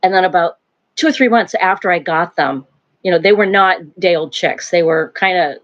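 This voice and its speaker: An older woman with a fairly low voice, speaking at a normal speed, hosts a casual live stream from her home near a wood stove. She rambles as she chats and laughs often, and the sound is lo-fi.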